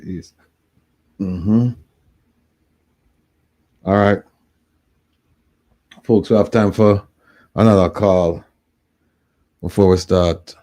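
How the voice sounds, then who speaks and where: Deep, mellow Jamaican man hosting a call-in. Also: steady tone, drawn-out words, pauses often. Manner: emphatic, repeats himself. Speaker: talk show host. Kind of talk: live call-in show talk.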